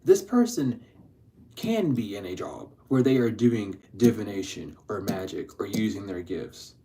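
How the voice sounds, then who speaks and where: Chatty, profane man giving a tarot reading. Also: measured pace. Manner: chatty, slangy and profane, laughing often; drifts between loud excited bursts and low mutters. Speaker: tarot reader. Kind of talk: casual spiritual tarot reading.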